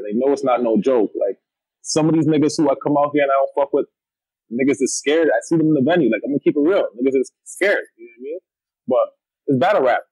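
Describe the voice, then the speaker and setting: A man's voice: mid-range voice, darkish tone, slightly rough, no echo, poor audio. A young man with a Toronto accent, a battle rapper talking bluntly and streetwise in a casual interview. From Canada. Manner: streetwise, blunt, frequent slang and "you know what I mean".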